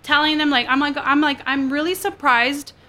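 A woman from Texas, a podcast guest, telling a story in casual chat, animated and full of "dude" and "like". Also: high-pitched, normal speed. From Texas, USA. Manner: animated, says "dude" and "like" a lot, acts out others' lines.

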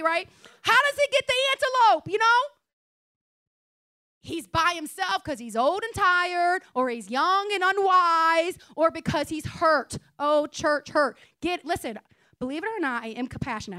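A young woman pastor preaching a conversational, humorous sermon in a blunt, animated way. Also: very high voice, no room sound. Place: church sanctuary.

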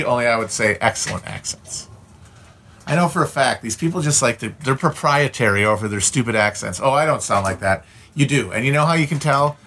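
A man's voice: medium pitch, pushed and bright. Blunt, swearing Midwestern man ranting. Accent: Upper Midwestern American. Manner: profane, blunt and opinionated, with frequent restarts. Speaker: streamer. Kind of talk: casual ranting monologue.

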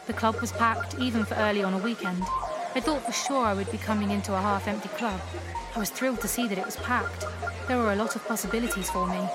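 A woman narrating an erotic audio story in a soft, unhurried first-person reading. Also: medium pitch. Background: music.

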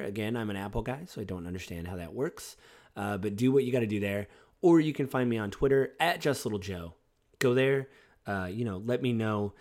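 Low-voiced man hosting a grief podcast. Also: darkish tone. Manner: reflective, rambling with fillers. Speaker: podcast host. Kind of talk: personal podcast monologue.

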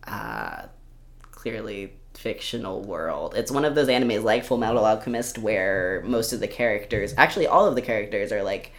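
A man's voice: fairly low pitch, sing-song, normal speed. A man co-hosting a podcast, chatting casually and rambling with lots of filler words. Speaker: podcast co-host. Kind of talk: casual chat about anime.

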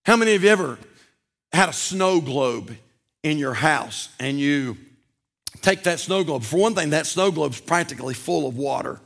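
A man preaching a sermon as pastor at a church service, emphatic and repetitive, often dropping to a low intense voice for emphasis. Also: animated, normal speed, creaky, fairly bright tone.

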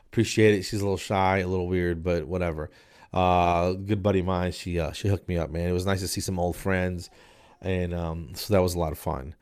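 A man's voice: low-pitched, steady tone, fairly quick, a little mellow, smooth. A man hosting his own podcast in a casual solo chat, rambling and joking with lots of fillers, a bit nasal and stuffy from allergies. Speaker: podcast host. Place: spare room downstairs.

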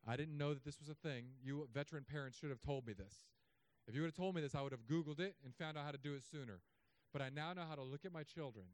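A man preaching a sermon as pastor, in his thirties, with humorous, sarcastic asides and animated swings in delivery. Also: on the high side, quick pace, dry recording.

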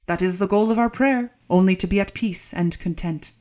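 A woman voicing a gentle foreign monk who speaks with a calm, sing-song lilt in an audiobook. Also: mid-range voice, normal speed, natural voice. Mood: serene.

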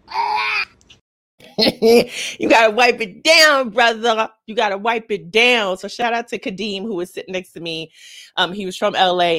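A woman hosting a show, talking casually and comedically with animated, excitable jumps in her voice. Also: lowish voice. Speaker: host.

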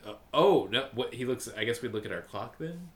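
A man's voice: mid-range voice, expressive, a little fast, crowd noise. A man playing in a tabletop game, chatting casually and joking playfully. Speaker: player. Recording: echoey room with faint noise.

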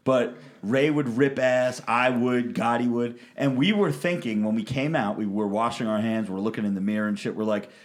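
A man's voice: mid-range voice, steady tone, normal speed, hardly any pauses. Male podcast host, casual crude banter, reads listener mail, swears freely. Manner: loose, profane, laughs often.

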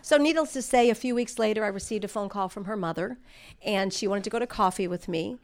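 A woman's voice: medium pitch, fast. A middle-aged woman giving a sermon, telling personal stories in an earnest way and building to emphatic exhortation. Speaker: speaker at a church.

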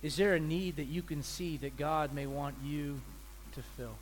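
A visiting preacher, a man giving a sermon in an animated, joking way, acting out little scenes. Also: a little high, moderate pace, slight background noise. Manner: animated, joking, acts out voices.

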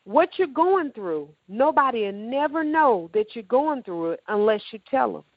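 A woman voicing God in her testimony as a stern, commanding and reassuring divine voice, pitched up with emphasis. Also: big pitch swings, moderate pace, slightly rough, no room sound, phone-quality sound, full character voice. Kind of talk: acted quote in a testimony.

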